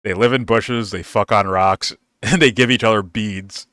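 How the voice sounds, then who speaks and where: A man's voice: on the low side, fairly bright tone, dry recording, studio quality. A man giving a casual, rambling film review, swearing freely and laughing often.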